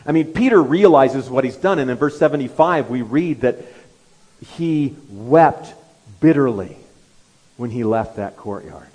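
Animated male preacher telling a story. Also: medium pitch, a little slow, husky, low-quality recording. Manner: animated storytelling, acting out quoted lines. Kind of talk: expository sermon.

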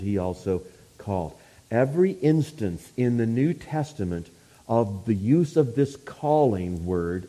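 A man preaching a sermon, swinging from hushed, quiet passages to loud, forceful declarations. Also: medium pitch.

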